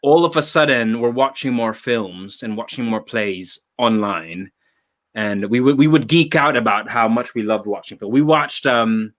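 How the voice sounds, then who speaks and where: A man from the Philippines hosting a casual chat, animated and laughing often. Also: mid-range voice, moderate pace. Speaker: host.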